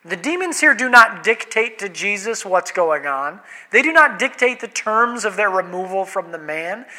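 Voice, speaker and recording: A man's voice: sits high, animated, moderate pace, sharp tone. A man preaching a sermon in a conversational way, asking rhetorical questions and voicing quoted speech. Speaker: pastor. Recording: long hall reverb.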